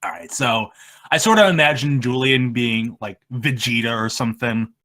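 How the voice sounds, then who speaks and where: A man being interviewed about his machinima videos, talking in a rambling, halting way that trails off mid-sentence. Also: medium pitch, a bit bright. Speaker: machinima creator, interview guest. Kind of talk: casual interview chat.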